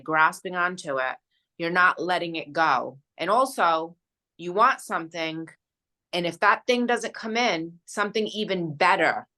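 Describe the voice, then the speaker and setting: A woman co-hosting a casual chat about manifesting and energy healing, speaking in a gentle, reassuring way. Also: on the low side. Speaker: podcast co-host, energy healer. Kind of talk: casual chat, guided meditation.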